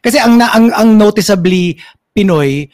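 A woman's voice: medium pitch, normal speed, no room sound, studio quality. A woman in casual podcast chat, switching between English and Tagalog and acting out quoted lines as she tells a story. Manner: animated storyteller, acts out quoted voices. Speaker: podcast co-host.

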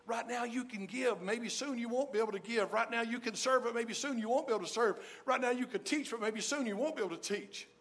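A pastor with a drawl delivers his sermon with an emphatic, repeating cadence. His voice sits notably high for a man, and he leans hard on the words he wants to land. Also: fast talker, hardly any pauses, a bit bright. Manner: emphatic, repeats key phrases for stress.

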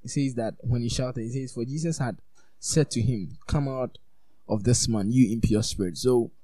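A man giving a conversational sermon, informal and animated, peppering his talk with "like" and "you know". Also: mid-range voice, normal speed, no echo. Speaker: preacher.

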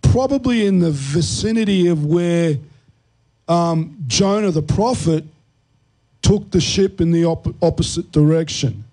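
Host, NY-man, slightly high but dark, mellow voice, earnest explainer. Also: unhurried, poor audio. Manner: earnest teaching tone with fillers. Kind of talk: Christian talk show discussion.

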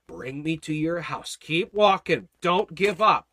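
A man acting out the voice of God, speaking slowly, deeply and soothingly to a frightened believer. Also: animated, pushed and bright, no echo, studio quality, heavily acted. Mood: gentle. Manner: slow, solemn, deep and soothing.

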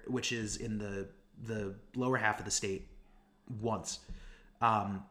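Young male podcast co-host, lower register, from Pennsylvania, loose and rambling. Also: fairly bright tone. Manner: rambling, many restarts and fillers. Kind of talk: casual chat.

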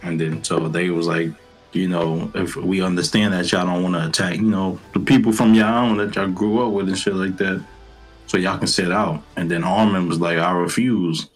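A man's voice: low voice, fairly even intonation, normal speed, husky, soft background music. A young man co-hosting a podcast, recapping an anime episode in loose, profane slang with lots of restarts. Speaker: podcast co-host. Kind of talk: casual anime recap chat.

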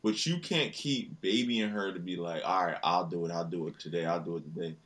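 A man's voice: low-pitched, a little fast, fairly bright tone. A young man, a father, chatting casually about his daughter in a slangy, profane, laid-back way. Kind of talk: casual chat.

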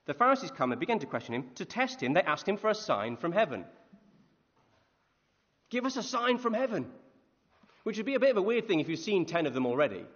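A male preacher gives a chatty, animated sermon and keeps asking his listeners questions. His voice sits a little high, with a slightly husky edge and lively rises and falls. The sound is dull and lo-fi, with a long echo from a church hall. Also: racing, few pauses. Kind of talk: conversational sermon.

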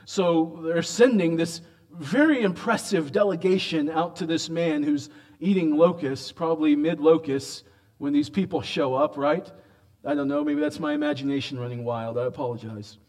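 A man preaching an expository sermon, emphatic, with loud raised lines and quiet low asides, slowing right down on quoted words. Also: expressive.

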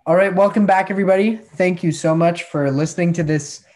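A man hosting a comedy podcast, calmly placating his co-host. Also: high-pitched, brisk. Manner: calm, placating.

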